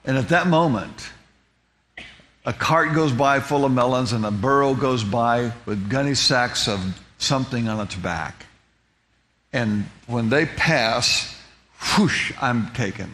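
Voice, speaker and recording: A man's voice: medium pitch, measured pace, fairly bright tone, a little hiss or hum. A man telling a personal testimony as a story, with many restarts and repeated words, lingering on vivid details. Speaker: speaker giving a personal testimony.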